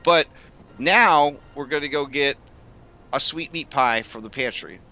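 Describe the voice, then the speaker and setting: A man's voice: mid-range voice, unhurried, pushed and bright, a little hiss or hum. Man playing a stern grandma shark, dry and no-nonsense. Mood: scolding. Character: older female shark, bossy grandma type.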